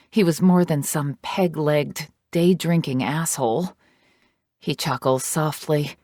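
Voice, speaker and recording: A woman narrating a romance audiobook in the first person, soft and intimate. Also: sits low, slow pace, dry recording, studio quality.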